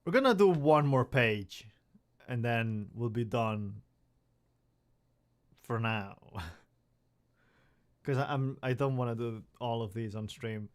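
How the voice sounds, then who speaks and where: A man's voice: medium pitch, lively intonation, slow pace, pauses often. Rambling young man streaming from home. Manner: rambling, self-mocking, many restarts. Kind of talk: casual live stream chat.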